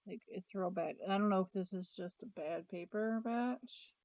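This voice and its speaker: A woman's voice: medium pitch, moderate pace, a little mellow, no room sound, rough recording. A woman vlogger chatting casually about planners, thinking aloud with restarts and trailing sentences. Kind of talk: casual chat.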